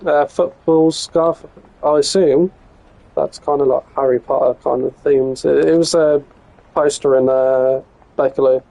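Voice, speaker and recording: Casual English male streamer, gravelly and mellow, muttering play-by-play with the odd swear. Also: medium pitch, steady tone, unhurried, low-quality recording. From England. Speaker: live streamer. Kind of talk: casual gameplay commentary.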